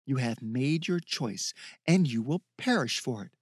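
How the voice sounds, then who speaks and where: A man voicing a fire hellhound that speaks with a woman's cold voice, in slow, menacing pronouncements. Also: medium pitch, lively intonation, breathy edge, no echo, clean studio sound.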